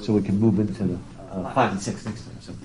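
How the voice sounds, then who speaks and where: A man teaching a literature class, speaking through a face mask and talking in an animated way that exclaims and repeats words. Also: fairly low pitch, fast talker, rough recording. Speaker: professor. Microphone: wears a face mask while recording. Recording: live classroom recording with loud crowd noise.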